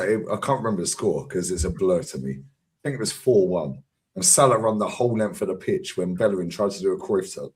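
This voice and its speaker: A lower-voiced man tells a football story, swearing freely and dropping street slang. His pitch rises and falls a great deal as he talks. It is a casual chat between fans.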